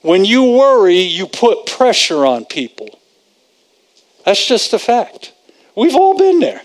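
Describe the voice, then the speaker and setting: Conversational preacher man, fairly high voice. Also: very animated, slow pace. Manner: conversational, repeats phrases for emphasis. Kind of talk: sermon.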